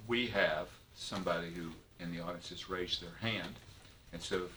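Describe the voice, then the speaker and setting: A man's voice: low voice, fairly even intonation, normal speed, sharp tone. A man chairing a public committee meeting, with dry, joking authority. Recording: distant mic, faint noise.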